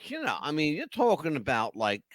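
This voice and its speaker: A man's voice: a little high, wildly swooping pitch, fairly quick, fairly bright tone, no echo. A man co-hosting a live podcast, chatting in a rowdy way, swearing freely and filling with "you know.". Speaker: podcast co-host. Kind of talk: live podcast chat reading chat messages.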